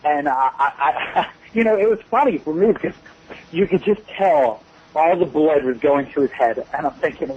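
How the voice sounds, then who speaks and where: Man telling rambling stories, slightly high voice. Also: moderate pace, darkish tone, dull audio, a little hiss or hum. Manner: rambling, laughs often while telling stories. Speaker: wrestler interview guest. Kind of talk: shoot interview storytelling.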